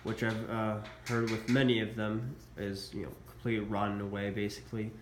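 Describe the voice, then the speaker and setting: A man's voice: lowish voice, level tone, fairly quick. A man with a stuffy voice from a cold, casually showing military collectibles in a hesitant, filler-laden way. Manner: casual, hesitant, many uhs. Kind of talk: casual show-and-tell vlog. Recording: echoey room, faint background noise.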